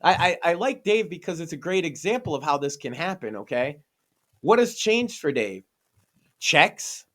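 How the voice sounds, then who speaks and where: A man's voice: on the high side, big pitch swings, moderate pace, a bit bright. A man in a casual podcast discussion, talking earnestly and emphatically and swearing freely.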